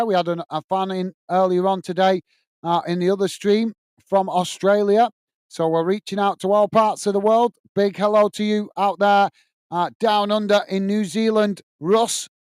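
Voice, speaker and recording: English bloke doing a football watchalong, higher voice, smooth and dry, keeps thanking chat. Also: male voice, darkish tone, no room sound. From England. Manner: chatty, thanks viewers by name, calls them mate. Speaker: football watch-along host. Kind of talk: live match commentary and chat reading.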